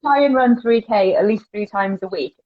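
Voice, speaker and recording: A woman's voice: medium pitch, moderate pace. Woman, podcast guest, chatty and candid, laughs easily, muffled lo-fi recording. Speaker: curve model, guest. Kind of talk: casual podcast chat. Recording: dull lo-fi sound.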